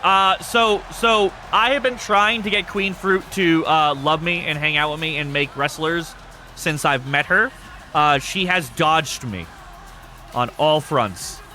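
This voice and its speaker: A man in his thirties hosting a game stream, chatting casually and answering chat in a rambling, self-described monotone. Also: fairly high pitch. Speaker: streamer hosting an e-fed wrestling show.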